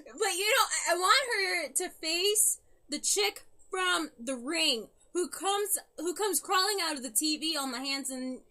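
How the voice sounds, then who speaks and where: Woman co-host, talks slow, halting, giggly, bright voice. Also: very high voice, animated. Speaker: podcast co-host. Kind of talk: casual chat.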